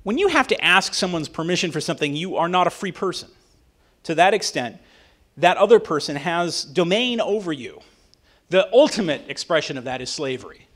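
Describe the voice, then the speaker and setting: A man giving a lively speech to a dinner audience. His voice sits high and swings widely in pitch, and he keeps checking in with the crowd by asking "right?". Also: fairly quick. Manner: animated, often asks "right?". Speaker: attorney and author giving a talk.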